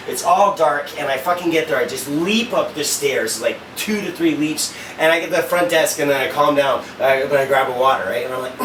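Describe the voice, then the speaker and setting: A slightly high-voiced man tells a rambling story, swearing often and jumping into the voices of the people in it. He sounds far from the mic, and the room around him rings with echo. A faint hiss sits under everything. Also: moderate pace, hardly any pauses. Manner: animated, profane, acts out quoted dialogue. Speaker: father and husband. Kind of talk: casual storytelling. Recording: roomy echo, distant mic, faint noise.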